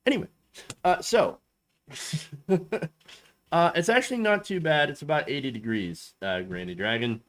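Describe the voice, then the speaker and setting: A man hosting a casual political commentary show, goofy and self-mocking, halting often with fillers. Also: a little high, animated, a bit bright. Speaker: host.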